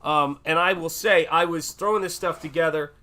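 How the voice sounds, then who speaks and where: A man's voice: on the high side, fairly even intonation, normal speed, bright, forceful tone. A middle-aged man with a Southern American accent, hosting a livestream in a rambling, chatty way with many fillers. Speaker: livestream host. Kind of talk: casual livestream chat.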